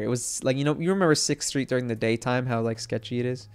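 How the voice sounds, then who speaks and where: A young man telling a story to his stream chat, excitable and rambling, with lots of fillers and swearing. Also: medium pitch, quick pace, clear, resonant tone, soft background music.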